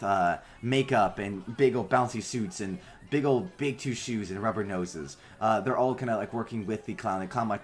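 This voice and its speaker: A man narrating as game master in loose, rambling narration with many fillers. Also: lowish voice.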